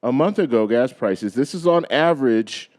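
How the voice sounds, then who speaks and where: A man hosting a finance video channel, losing his voice, explaining things casually to viewers and often checking in with a quick "okay?". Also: medium pitch, lively intonation, darkish tone. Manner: repeats himself, frequent "okay?" check-ins. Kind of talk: casual explainer talk to camera.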